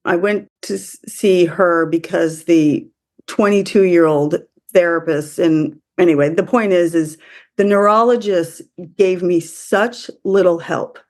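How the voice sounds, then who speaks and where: A woman from the US speaking as a podcast guest, emotional and halting, often restarting her sentences. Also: on the low side, steady tone, darkish tone. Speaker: interview guest. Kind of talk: conversational interview.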